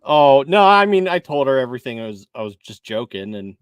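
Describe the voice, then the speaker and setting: A man's voice: mid-range voice, sing-song, fast, a bit bright, clear, resonant tone, dry recording. A man co-hosting a casual chat show from his desk, rambling with lots of fillers and restarts, and laughing easily. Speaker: podcast co-host.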